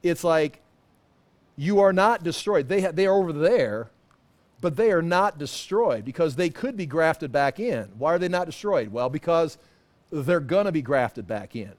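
A man's voice: a little high, lively intonation, normal speed. A man in his sixties teaching a Bible study class in a loose, conversational way, full of asides and self-corrections. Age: 60s.

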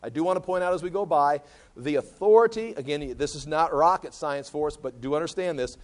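Man preaching through scripture, a bit high. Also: fairly quick. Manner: conversational, repeats words while thinking aloud, reads scripture aloud. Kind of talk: Bible teaching sermon.

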